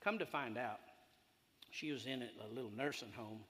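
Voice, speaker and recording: A man, preaching a sermon in a folksy, storytelling way that swings from loud to hushed. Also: medium pitch, normal speed, slight background noise. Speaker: pastor. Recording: echoey hall.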